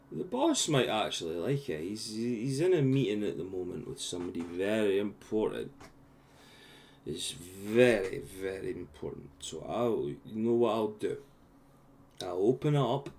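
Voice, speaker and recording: A tipsy male guard in a tabletop game, loud and jovial, stretching out his words, as a man puts him on. The voice sits low and moves slowly. A faint hiss runs underneath. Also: vocal fry, heavily acted. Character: boozy male guard swigging wine.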